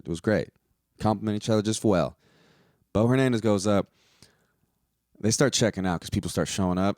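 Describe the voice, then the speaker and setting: A man, a stand-up comedian hosting his own podcast, rambles through a casual, profane monologue and now and then jumps into playful high-pitched outbursts. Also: a little mellow, no room sound, clean studio sound.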